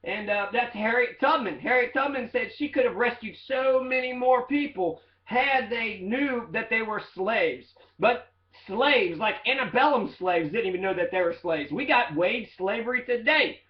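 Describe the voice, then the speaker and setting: A man with a fairly high voice talks casually, rambling and sprinkling in fillers and swearing. His voice bounces around an echoey room, and the recording sounds slightly dull and muffled. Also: moderate pace, few pauses. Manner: loose, profane, rambling with fillers. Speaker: teacher in training. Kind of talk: casual monologue reading quotes.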